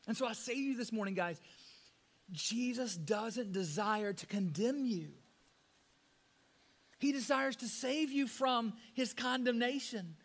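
High-voiced preaching man. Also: unhurried, long pauses. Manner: preaching with sudden loud rises and soft drops; conversational, addresses listeners as guys. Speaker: pastor. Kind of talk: sermon.

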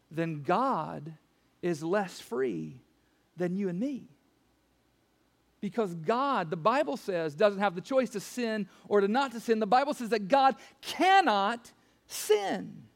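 A male pastor preaching a sermon to his church, emphatic, repeating key phrases and rising to near-shouts on his main points. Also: high voice, expressive, measured pace, creaky.

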